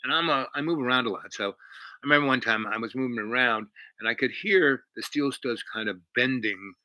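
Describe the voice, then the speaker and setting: A man's voice: mid-range voice, fairly quick, dry recording, rough recording. A man telling a long personal story in a rambling, casual way, full of fillers and asides. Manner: rambling, heavy on fillers, animated.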